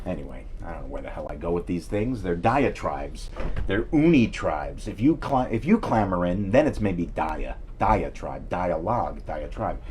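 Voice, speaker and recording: A man's voice: sits low, animated, moderate pace, darkish tone, a little hiss or hum. A middle-aged man hosting a live stream, telling rambling self-deprecating stories and answering viewer comments. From New York City area. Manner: digressive storyteller, chatty, self-deprecating, reads viewer comments aloud. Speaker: livestream host.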